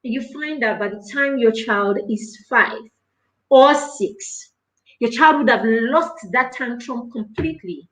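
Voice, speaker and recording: Woman, parenting coach, emphatic and repetitive delivery, high voice, echoey room. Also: a little slow, fairly bright tone. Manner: earnest and emphatic, repeats phrases for stress. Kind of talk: live parenting talk.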